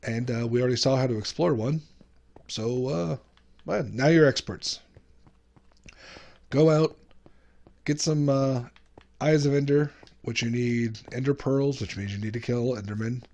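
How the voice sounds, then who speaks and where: A man's voice: medium pitch, a little slow, vocal fry, pauses often. A man hosting his own gaming channel, talking casually over gameplay, chatty and self-mocking with frequent laughs. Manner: lively sing-song show intros.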